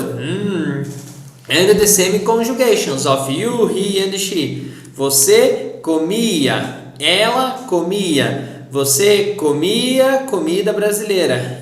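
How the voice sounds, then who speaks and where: A man with a Brazilian accent, a native Portuguese speaker, giving an online language lesson and patiently spelling out each verb form. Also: high voice. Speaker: Portuguese teacher. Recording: roomy echo.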